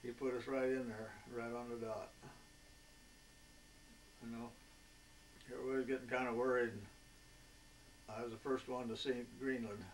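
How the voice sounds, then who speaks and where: Folksy elderly man, flat and distant. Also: medium pitch. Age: 80s. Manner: folksy and rambling, with many filler pauses. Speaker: veteran interviewee. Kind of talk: oral history reminiscence. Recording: distant mic with faint background noise.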